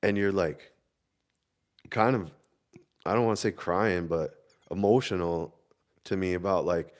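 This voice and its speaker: A man in his thirties with a fairly low voice, swapping old army stories in relaxed, casual chat. He tells them in a laid-back way and breaks into laughter often. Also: measured pace. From Minnesota. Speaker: army veteran podcast co-host.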